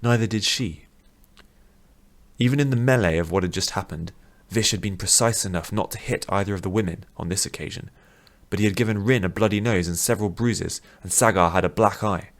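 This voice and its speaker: Male narrator, very deep voice, steady fantasy audiobook reading. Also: brisk.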